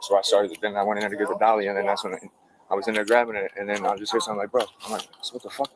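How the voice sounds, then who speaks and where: A man with an Ohio accent telling police in a rapid, rambling way what he found, swearing often, recorded outdoors by a garage on a police body camera. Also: fairly low pitch, flat delivery, a crowd in the background, low-quality recording. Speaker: witness giving a statement. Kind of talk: casual account to police.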